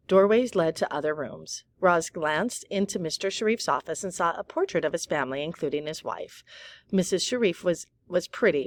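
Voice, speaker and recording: A woman calmly reading a children's novel aloud, unhurried, with small slips now and then. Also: deep voice. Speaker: audiobook reader.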